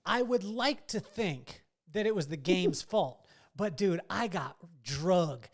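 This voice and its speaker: A middle-aged man hosting a podcast, telling stories in a lively way with a laugh and putting questions to his guest. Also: high-pitched, takes it slowly. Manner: storytelling, animated and laughing. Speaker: podcast host. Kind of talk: casual interview chat.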